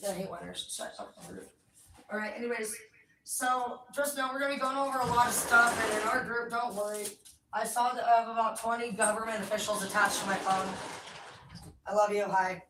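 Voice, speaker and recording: A woman's voice: mid-range voice, steady tone, moderate pace, a bit bright, slight background noise. A woman rants in a loose, wandering monologue, cursing in nearly every sentence. She sits some way back from the microphone, and her voice bounces around a roomy, echoing space. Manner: profane, swears constantly, rambling. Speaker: tarot streamer. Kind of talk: rambling casual monologue. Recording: echoey room, distant mic.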